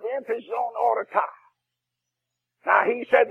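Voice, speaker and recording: A man preaching a fiery sermon as a Baptist preacher, shouting with a crying preaching cadence. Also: very high voice, fairly even intonation, moderate pace, gravelly, pauses often, slightly rough, lo-fi sound.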